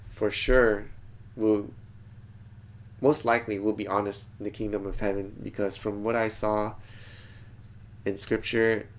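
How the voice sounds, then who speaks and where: A man talking to camera in a casual, rambling vlog from a small home studio, thinking aloud and wandering off topic. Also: fairly low pitch. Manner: digressive, thinks aloud with frequent restarts. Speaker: vlogger.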